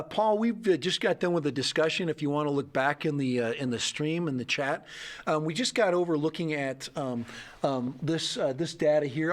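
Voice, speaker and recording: A middle-aged man from the United States hosts a casual livestream. He rambles, jokes and reads comments aloud in a slightly higher voice. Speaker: livestream host.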